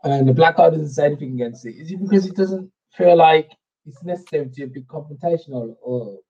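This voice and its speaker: A man's voice: a little high, brisk, warm tone, husky, muffled recording. A man in a casual group debate, asking questions and reasoning aloud hesitantly with lots of fillers. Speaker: discussion panelist.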